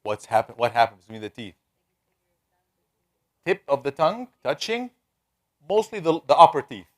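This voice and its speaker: A man's voice: medium pitch, sing-song, moderate pace. A man teaching Tajweed in a live online class, patiently drilling the sounds of Arabic letters over and over and calling on students by name.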